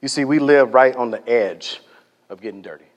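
A man's voice: medium pitch, normal speed, long reverb tail. A man preaching a sermon, telling stories with emphasis and dropping to near-whispers for effect.

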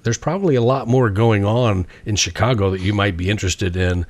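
Chatty low-voiced male podcast host. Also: a little fast. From United States. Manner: chatty, opinionated, laughs often. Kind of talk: casual interview chat.

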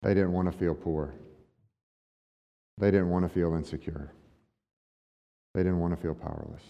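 A man's voice: low voice, steady tone, moderate pace, vocal fry. A male pastor delivering a sermon in a conversational way, asking the congregation rhetorical questions. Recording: dull lo-fi sound with long hall reverb.

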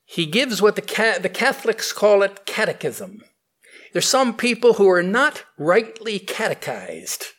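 A man telling a fable and then explaining its spiritual meaning, thoughtful with frequent pauses. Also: high voice, fairly bright tone. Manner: slow, thoughtful, with fillers and restarts. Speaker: spiritual teacher.

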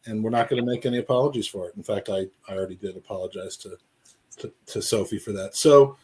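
A man's voice: lowish voice, fast, a little mellow, slight background noise. Rambling, jokey male podcast host. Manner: rambling, jokey, addresses the live chat. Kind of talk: casual live-stream football chat.

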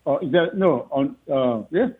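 Animated father on a tinny phone line. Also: a little high, measured pace, husky. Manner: animated storyteller, laughs often, acts out quotes. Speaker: father of a recruit. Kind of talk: phone interview.

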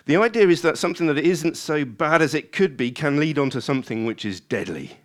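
A man preaching a sermon in a conversational way, acting out prayers with rising emphasis. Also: brisk. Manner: animated, rising high when acting out prayers; conversational with restarts and asides.

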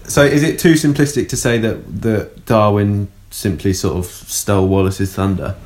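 Casting note: very deep-voiced man, podcast co-host, dry wit, curious questioner. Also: moderate pace, a little mellow. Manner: dry, wisecracking, asks questions. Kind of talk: casual podcast chat.

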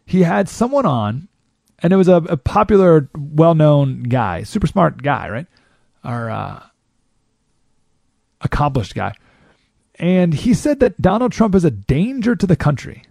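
A male talk-show host rants in a lively, sweeping monologue, slipping into mocking impressions of other people. His voice sits a little high for a man and is rough with gravel. The sound is close and dry. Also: a little slow, long pauses, dry recording. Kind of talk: monologue commentary.

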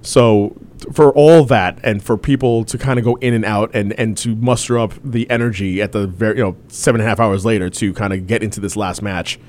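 A man's voice: on the low side, fairly even intonation, brisk, darkish tone, slight background noise. A man hosting a casual chat show, talking loosely with restarts and laughter. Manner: chatty, stumbles and restarts, laughs often. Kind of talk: casual chat about wrestling.

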